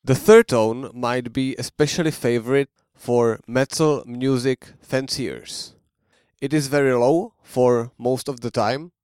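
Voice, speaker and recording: A man's voice: medium pitch, unhurried, a little mellow, smooth, dry recording, studio quality. A man teaching a language lesson, explaining carefully and modeling sounds for the listener to repeat.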